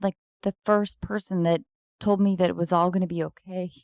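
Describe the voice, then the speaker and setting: Lady podcast host, playful rambly chat, lowish voice, dry close mic. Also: little pitch movement, fairly quick, darkish tone, dry recording. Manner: chatty, playful, rambling with frequent laughs. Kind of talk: casual chat. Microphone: close podcast microphone.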